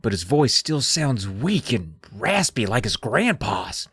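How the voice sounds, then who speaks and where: Animated podcaster retelling a spooky story. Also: mid-range voice, slow, husky, no echo, studio quality. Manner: animated, swearing, lively storytelling. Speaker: podcast co-host. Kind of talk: casual book recap.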